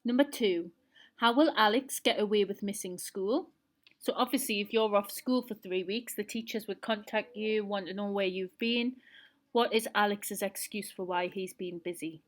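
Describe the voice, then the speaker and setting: A woman's voice: mid-range voice, moderate pace. A woman teacher reading a novel aloud to her pupils and setting quiz questions. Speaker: primary school teacher.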